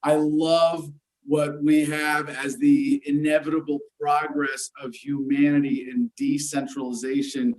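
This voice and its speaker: American guy guesting on a livestream, kinda high voice, teasing and dry. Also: flat delivery, unhurried, a little mellow, poor audio. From United States. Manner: teasing, wry, speaks in long sentences. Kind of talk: casual livestream chat.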